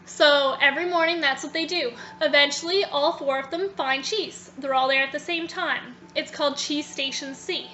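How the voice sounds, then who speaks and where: Woman vlogger, high and chatty, retelling a book; slightly muffled home video with faint hiss. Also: moderate pace, hardly any pauses. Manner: chatty, animated retelling with many "so" links. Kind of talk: casual storytelling retelling a book.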